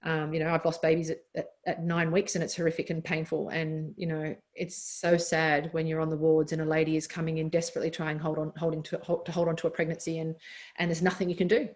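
A woman's voice: deep voice, monotone, quick pace, darkish tone. An Australian woman in her thirties, a doctor and former athlete, talking candidly as a podcast guest with frequent laughs and restarts. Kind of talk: casual interview chat.

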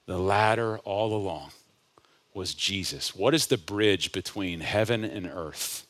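Preacher guy, lowish voice but bright and punchy, gets loud then drops way quiet. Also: slow pace. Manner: builds to loud impassioned peaks, then drops to hushed asides. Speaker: pastor. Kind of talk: sermon.

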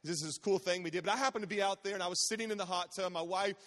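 A man's voice: high voice, racing, fairly bright tone. A man in his forties, a guest pastor telling a humorous family story in a sermon, chatty and calling out to the congregation. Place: large church sanctuary. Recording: long church hall reverb.

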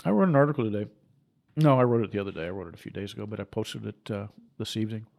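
A middle-aged man delivering an impassioned monologue, forceful and preachy, with laughing asides and mocking voices. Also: fairly low pitch, racing, gravelly.

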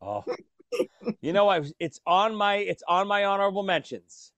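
A man co-hosting a podcast, talking about movies in a casual, animated storytelling way. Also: high-pitched, normal speed, vocal fry, dry recording. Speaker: podcast co-host.

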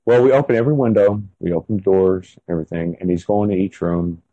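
Guy in his 30s telling a story in a loose rambling way, lowish mellow voice, dry sound. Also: fast, no echo, muffled recording. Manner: rambling, full of "like" and "and everything" fillers. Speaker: interviewee. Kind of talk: casual first-person storytelling.

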